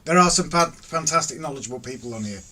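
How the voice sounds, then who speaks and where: A man's voice: fairly high pitch, lively intonation, fast, sharp tone. A middle-aged man hosting a casual live stream, reading out viewer comments in a teasing, jokey way and laughing often. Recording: distant mic with faint ambient noise.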